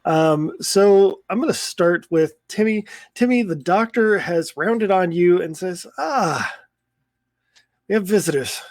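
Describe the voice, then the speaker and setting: Relaxed male game master. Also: high-pitched, unhurried, few pauses, no room sound. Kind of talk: running a tabletop role-play.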